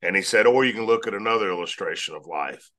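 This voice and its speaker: A man telling his life story in a measured, earnest way as an interview guest. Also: on the low side, bright, forceful tone.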